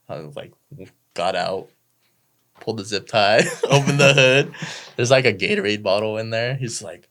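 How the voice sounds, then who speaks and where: Chill young guy telling a story, low gravelly voice, swears a lot. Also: lively intonation, moderate pace, fairly bright tone. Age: young adult. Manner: laid-back, swears freely, acts out quotes. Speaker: podcast guest. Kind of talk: casual storytelling.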